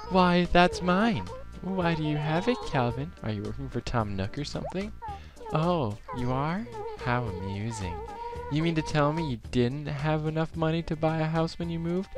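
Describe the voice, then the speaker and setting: A man's voice: fairly high pitch, animated, moderate pace, music in the background, pitched above the performer's own voice, natural voice. A man voicing a snooty, condescending female cat villager in a video game. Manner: condescending and teasing.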